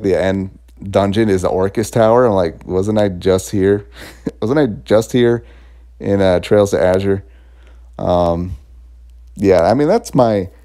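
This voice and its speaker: A man's voice: deep voice, dark tone. A man giving a casual, rambling spoken review of a video game, chuckling often between thoughts. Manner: rambling and chatty, laughs often, fillers and restarts.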